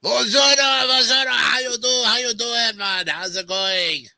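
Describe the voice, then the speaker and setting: A man's voice: extremely high pitch, fairly even intonation, unhurried, vocal fry, bright, forceful tone, dry recording, exaggerated voice. A man putting on a brash old Italian-American grandfather from Little Italy with a New York Italian-American accent, talking boisterously and stammering.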